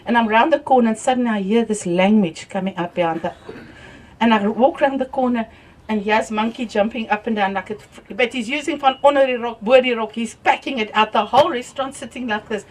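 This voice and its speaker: At a wake, an older South African woman tells lively family stories, laughing often as she goes and softening when she thanks people. Her voice is fairly high and brisk, recorded from far off the mic.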